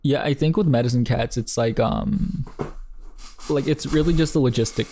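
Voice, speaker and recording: A man's voice: mid-range voice, normal speed, vocal fry, dark tone. A man hosting a casual book podcast, reading passages aloud and then talking them over in a thoughtful, hesitant way with many fillers.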